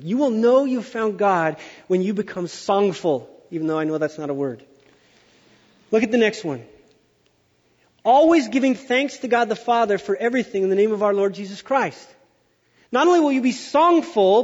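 A middle-aged male pastor preaching a sermon in a church, an animated storyteller who exaggerates for effect. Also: sits high. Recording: dull sound with long hall reverb.

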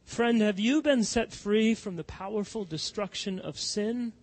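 A man preaching a sermon as pastor, swinging from loud impassioned cries to soft, hushed pleading. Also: high voice, a little slow, few pauses.

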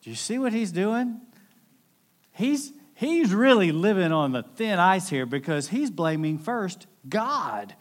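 A man delivers a sermon in an easygoing, conversational way. His voice sits a bit high for a man, and he acts out what people said with lively emphasis. He drops in jokey asides as he goes. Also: takes it slowly. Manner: animated, acts out quoted voices. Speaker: pastor.

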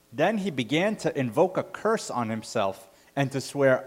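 Male pastor, mid-pitch, casual conversational sermon delivery with fillers. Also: animated, moderate pace. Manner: conversational, self-correcting with fillers.

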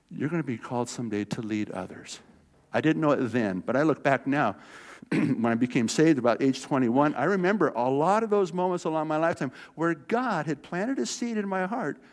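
Older man preaching in a story-telling way. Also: a little high. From California. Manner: conversational storytelling, addresses the audience directly. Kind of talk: sermon.

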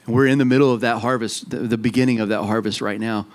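A man's voice: medium pitch, fairly even intonation, quick pace. A man preaching a sermon as a pastor, earnest and fervent.

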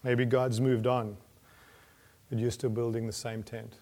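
A man preaching a sermon in an earnest manner, building to emphatic peaks and then dropping his voice low. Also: flat delivery, a little slow, dark tone.

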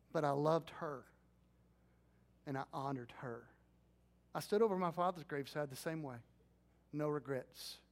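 A middle-aged male pastor preaching a conversational sermon, asking his congregation questions and dropping into quiet, intimate asides. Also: high-pitched.

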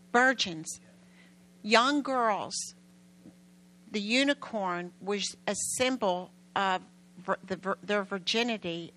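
A woman preaches to her church in an animated, emphatic storytelling manner, often raising her voice. Her tone is bright and forceful, in a mid pitch for a woman. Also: low-quality recording. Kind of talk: sermon storytelling.

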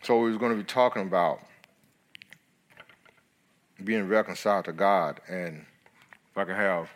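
Middle-aged male guest speaker, lower voice, earnest halting sermon testimony. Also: fairly even intonation. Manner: halting, earnest storytelling with many restarts.

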